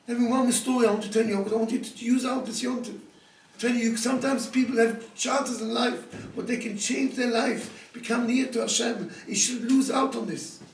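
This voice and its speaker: A man with a strikingly high voice gives an earnest storytelling sermon, pressing each point again and again. He sounds set back from the microphone. The room around him is echoey. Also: steady tone, normal speed, a little hiss or hum. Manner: earnest, pleading, hammers points by repeating them. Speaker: rabbi giving a talk. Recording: echoey room, speaker far from the mic.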